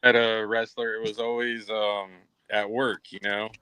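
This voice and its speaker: A man chatting casually, telling an anecdote in a relaxed, hesitant way. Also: on the low side, unhurried, smooth, no room sound, low-quality recording. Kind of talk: casual chat.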